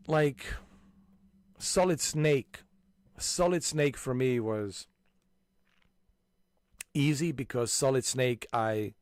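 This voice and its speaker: A man in his forties chatting casually as a channel host, animated and emphatic, restarting his sentences often. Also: medium pitch, clean tone. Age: 40s. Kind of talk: casual chat.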